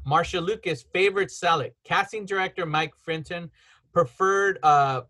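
A man's voice: high-pitched, bright, forceful tone. A man hosting a casual podcast chat at home, rambling through film trivia and laughing often. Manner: rambling, storytelling with quick laughs. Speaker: podcast host.

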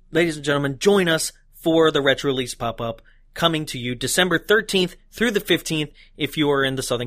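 A man hosts a casual podcast, his voice sitting a little high for a man. He jokes around and breaks into laughter often while chatting loosely with his co-host. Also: a bit bright, no room sound, clean studio sound.

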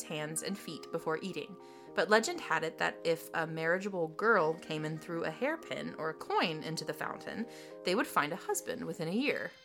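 A woman co-hosting a podcast, reading history facts in a lively way with jokey asides and laughter. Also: fairly low pitch. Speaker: podcast co-host. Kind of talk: casual scripted podcast chat.

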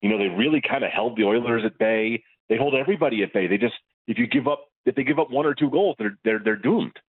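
A man's voice: medium pitch, fast talker, slightly rough, dry recording. A man from New York, a sportswriter guest, joking wryly in a casual radio interview over the phone. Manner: wry, deadpan jokes. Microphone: phone line. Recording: tinny phone line.

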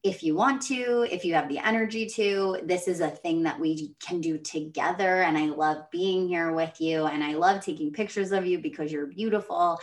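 A woman hosting a casual chat, speaking in a reflective, thoughtful and measured way. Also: on the low side.

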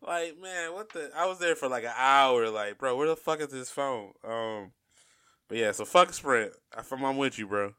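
A young man in casual podcast chat, telling an animated story full of swearing and loud laughs. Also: mid-range voice, normal speed, clean tone, no echo, clean studio sound.

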